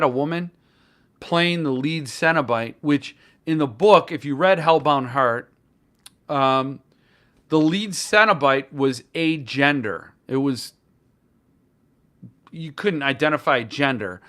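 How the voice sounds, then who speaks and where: A man's voice: a little high, pushed and bright, smooth. A man hosting a casual live stream about books, rambling and joking as he reacts to chat comments. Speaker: booktuber host.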